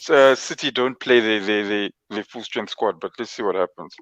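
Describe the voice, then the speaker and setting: A man's voice: on the low side, normal speed, a bit bright, no room sound. Man, hesitant, lots of ums, casual football chat, muffled lo-fi call. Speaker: football podcast panelist. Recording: dull lo-fi call audio, dry.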